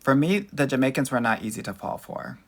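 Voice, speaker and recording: Brisk and animated, this American man speaks at a medium pitch while hosting a live dating Q&A. Viewer comments get read out in a flamboyant, sassy style, and listeners are addressed as honey and girl.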